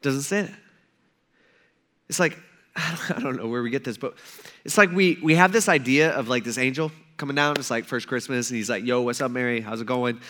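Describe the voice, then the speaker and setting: A man's voice: medium pitch, brisk, pushed and bright. A young man preaching a sermon as pastor, in a casual, conversational way with playful acted asides.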